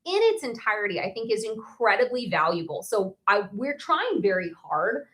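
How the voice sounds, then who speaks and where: A woman's voice: medium pitch, big pitch swings, moderate pace, fairly bright tone. Radio guest, woman, earnest and thoughtful, casual talk. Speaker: podcast guest.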